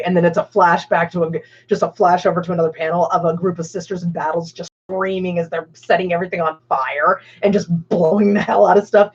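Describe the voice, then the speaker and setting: A woman's voice: lowish voice, steady tone, fairly quick, hardly any pauses, husky. A woman hosting a livestream, chatting casually with many fillers and laughs. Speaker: stream host. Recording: dull lo-fi stream audio.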